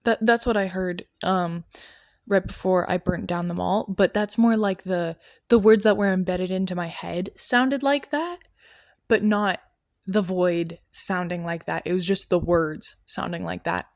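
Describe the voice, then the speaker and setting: A woman's voice: fairly low pitch, measured pace, no room sound, clean studio sound. A woman hosting a comedy podcast in character as a prophet, talking in an offhand, rambling way with many tangents.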